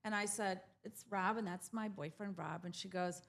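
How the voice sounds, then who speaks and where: Sounding like she's in her forties, this woman founded a jewelry brand and recounts its story as a guest in a relaxed interview. Her voice is gravelly, creaky and mid-range, her pace moderate, and she animatedly imitates the people she met.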